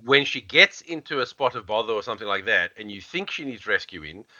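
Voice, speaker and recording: A man co-hosting a podcast in casual chat, rambling and animated, with lots of fillers. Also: on the low side, brisk, dry recording, lo-fi sound. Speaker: podcast co-host.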